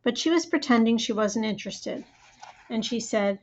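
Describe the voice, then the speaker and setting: A woman narrating a first-person audiobook in a plain, steady storytelling manner, on a dull lo-fi recording. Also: a little high, normal speed.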